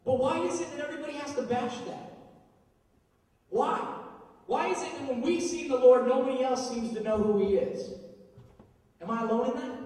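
A man preaching as a youth pastor, in a lively, casual way to young people, in a large church hall. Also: very high voice. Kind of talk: sermon. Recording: echoey hall from far off.

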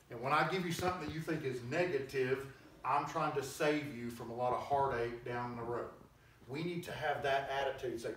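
A man's voice: fairly high pitch, fairly even intonation, normal speed, fairly bright tone. A male preacher giving an emphatic, conversational sermon and acting out quoted voices, recorded in a church hall. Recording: very echoey hall, distant mic, faint noise.

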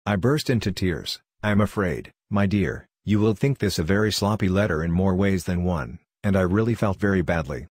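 A man reading an audiobook aloud in a steady, gentle storytelling manner. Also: deep voice, normal speed, few pauses, slightly rough, dry recording, studio quality. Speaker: audiobook reader. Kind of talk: audiobook narration of a letter.

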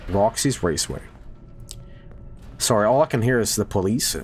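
A man's voice: lowish voice, moderate pace, breathy edge. A man in his thirties giving casual, jokey commentary while streaming a horror game. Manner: animated, jokey, breaks into silly sung bits.

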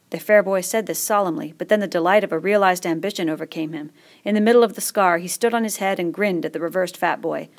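Woman reading a novel out loud, low pitch, lots of vocal fry, steady measured narrating. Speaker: audiobook reader. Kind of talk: scripted narration.

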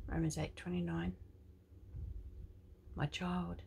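A woman minister delivering a prophetic message in a hushed, tender, reverent way, often dropping to a whisper and lingering on her words. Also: lowish voice, a little slow, creaky, a little hiss or hum.

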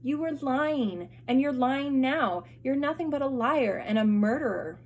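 A woman's voice: a little high, expressive, normal speed, husky. Woman reading clever young boy, insistent, accusing, a bit raised, storybook.

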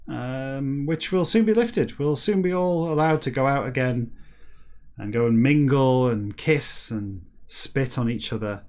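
A man hosting a comedy podcast, reading garbled text slowly and carefully, with dry, self-mocking asides. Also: mid-range voice, a little mellow. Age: adult with children. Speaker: podcast host reading a novel aloud. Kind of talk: comic reading aloud with chatty asides.

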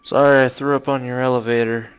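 This young man comments on his gameplay at a quick pace, using a clean, mid-range voice with a flat delivery. It's let's play talk full of swearing, frustrated outbursts, and sarcasm aimed at his own blunders.

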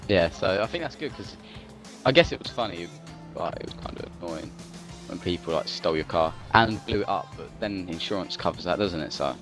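A young man chatting casually while playing a game with a friend, playful and joking in quick banter. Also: sits low, lively intonation, fairly bright tone, faint music behind. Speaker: co-player. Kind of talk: casual gameplay chat.

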